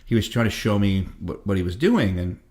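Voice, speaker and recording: A man's voice: lowish voice, lively intonation, fairly quick, darkish tone. Rambling man in his fifties. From Canada. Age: 50s. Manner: profane, rambling storyteller. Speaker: guest musician. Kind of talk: casual interview chat.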